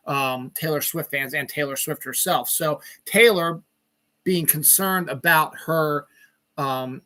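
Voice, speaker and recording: A man's voice: on the high side, pushed and bright. Profane, ranting middle-aged male podcaster. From Maryland, USA. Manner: profane, ranting, swears constantly; rambling, searches for words. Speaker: podcast host. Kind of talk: solo podcast monologue.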